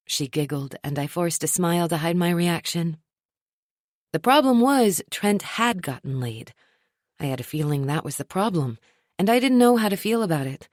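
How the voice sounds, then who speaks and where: A woman narrating a first-person romance audiobook in an expressive, wry storytelling manner. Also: fairly low pitch, normal speed, no echo, clean studio sound.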